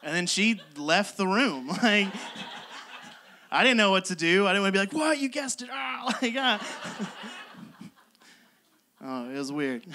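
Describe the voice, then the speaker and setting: A man's voice: a little high, bright, forceful tone, a little hiss or hum. A man in his twenties telling self-deprecating stories in a stand-up comedy set, laughing between lines. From West Virginia. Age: 20s. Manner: self-deprecating storytelling with lots of laughing asides. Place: comedy club stage with live audience.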